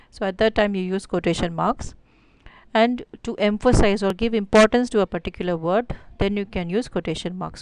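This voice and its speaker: A woman's voice: medium pitch, clean tone, dry recording. A woman with an Indian English accent teaching an online grammar lesson, explaining step by step with many fillers like "so" and "uh".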